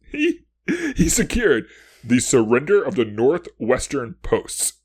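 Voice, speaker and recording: Animated man chatting casual history. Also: mid-range voice, slightly rough. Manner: animated, acts out historical figures in quick asides; laughs often. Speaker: podcast co-host.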